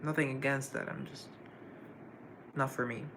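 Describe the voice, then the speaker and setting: Man, gravelly voice, mid pitch, casual live chat, greets viewers, close mic. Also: fairly even intonation, normal speed, noisy background. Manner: chatty, greets viewers and answers chat comments. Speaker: live stream host.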